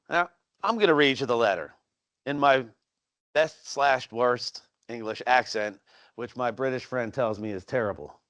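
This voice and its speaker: A man's voice: medium pitch, a bit bright, no echo. Casual male host, history explainer, meandering delivery, dry recording. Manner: rambling, with fillers and restarts. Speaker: educational video host. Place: historic house, on location.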